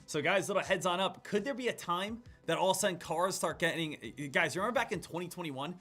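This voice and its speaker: A man giving live day-trading commentary, excitable, jumping between loud hype and quiet muttering. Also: sits high, fast talker, faint music behind. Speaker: day trader streaming his trades.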